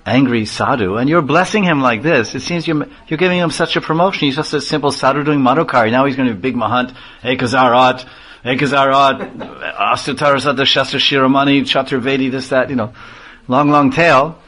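A man's voice: mid-range voice, brisk, a bit bright, natural voice. A man voicing a stern but fair king who scolds and questions in a spoken fable. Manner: scolding, lecturing.

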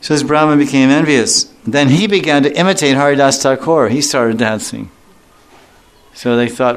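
A man teaching a devotional scripture class in a relaxed, joking way, often chuckling. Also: mid-range voice, normal speed. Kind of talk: scripture lecture.

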